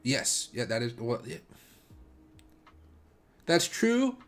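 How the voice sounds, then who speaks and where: A man talks loosely and casually on a livestream, rambling through his thoughts. He fills his sentences with filler words, and his pitch sits in an ordinary middle range. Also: very animated, slow, soft background music. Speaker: livestream host. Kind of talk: casual livestream chat with viewers.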